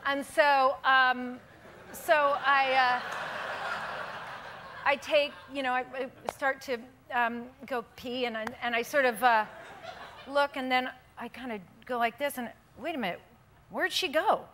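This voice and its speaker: A woman in her fifties, a talk show guest telling an animated story and laughing often in a TV studio. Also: sits high, takes it slowly, background noise. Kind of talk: late-night interview chat. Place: television studio.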